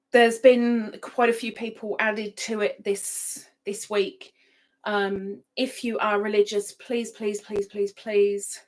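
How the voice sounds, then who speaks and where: Chatty higher-voiced woman, slow. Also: a bit bright, low-quality recording. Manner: chatty, repeats herself, laughs often. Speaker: livestream host. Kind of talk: casual live-stream chat. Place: home computer setup.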